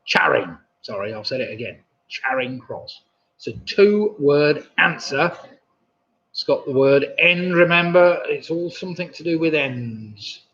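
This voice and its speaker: A man's voice: a little high, animated, a little slow, a bit bright. A man hosting a live pub quiz, reading questions with chatty, jokey asides. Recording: dull lo-fi stream audio.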